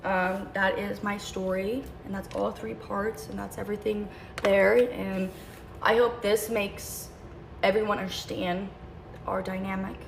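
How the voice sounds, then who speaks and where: A young woman recounts a personal story in a loose, rambling vlog style. Her voice has a gravelly fry to it, and she keeps backtracking to correct herself and voicing other people's lines. A faint hiss sits under the recording. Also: mid-range voice, little pitch movement, measured pace. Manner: rambling, self-correcting, acts out quoted lines.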